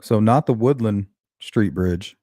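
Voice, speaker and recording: A man's voice: fairly low pitch, a little slow, mellow, dry recording, studio quality. A man hosting a live true-crime stream, musing over a case and greeting viewers in chat. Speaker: host of a true-crime livestream. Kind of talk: casual live commentary.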